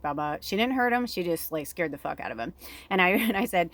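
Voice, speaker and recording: A woman's voice: on the low side, brisk, no room sound. Chatty spiritual woman, dry close sound. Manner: candid, swears freely, laughs often, animated. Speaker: spiritual medium and oracle reader. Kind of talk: rambling personal chat.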